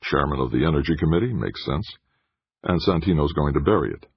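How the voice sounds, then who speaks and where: A man's voice: very deep voice, animated, brisk, vocal fry, breathy edge, lo-fi sound, heavily acted. Man reading an earnest, uneasy scientist. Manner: earnest and worried.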